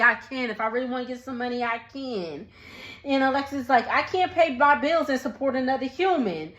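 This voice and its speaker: A woman, giving a sassy, animated casual recap and talking back to the people on screen. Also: high-pitched, reverberant. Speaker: recap vlogger.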